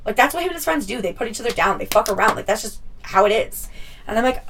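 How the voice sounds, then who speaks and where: A woman's voice: fairly high pitch, very animated, fast talker, far from the mic. A young woman telling a story to her viewers in a casual, chatty way. She swears freely and acts out what people said. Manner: chatty, swears often, acts out quoted lines. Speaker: vlogger.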